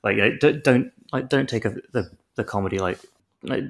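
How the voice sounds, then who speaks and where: A man with a rough, gravelly edge to his voice reviews a film in loose conversation. He rambles a little, then lands a dry, exaggerated comparison. His pitch sits in an ordinary middle range. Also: brisk. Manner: rambling, wry, builds comic analogies. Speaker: film review podcast co-host. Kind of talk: casual film review chat.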